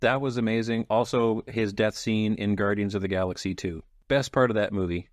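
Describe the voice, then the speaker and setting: A man's voice: lowish voice, steady tone, a little fast, no echo, studio quality. A man co-hosting a podcast, joking and laughing as he recaps a book. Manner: jokey, laughs often. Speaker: podcast co-host. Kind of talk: casual book club chat.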